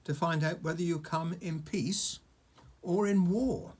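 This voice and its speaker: A man's voice: a little high, unhurried, a little mellow, voice pushed up. A man voicing an earnest small Viking boy, pleading and indignant.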